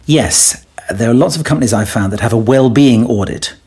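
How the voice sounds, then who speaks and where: Male guest for an interview, husky voice, playful teasing storyteller. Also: mid-range voice, moderate pace, a little mellow. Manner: playful, teasing storyteller who acts out quotes. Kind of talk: conversational podcast interview.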